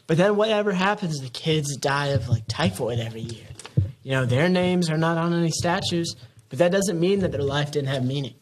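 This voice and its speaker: Teen guy on a podcast going on and on about life stuff, kinda preachy as a joke, higher voice. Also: brisk, a little hiss or hum. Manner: rambling and philosophizing, mock-preachy. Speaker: student guest. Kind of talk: casual podcast chat.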